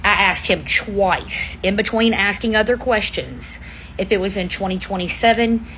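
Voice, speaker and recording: A woman casually recounting a story to viewers, dropping to a hushed flat voice for quoted answers. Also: medium pitch, normal speed, slight background noise, poor audio. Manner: drops to a hushed flat voice quoting one-word answers.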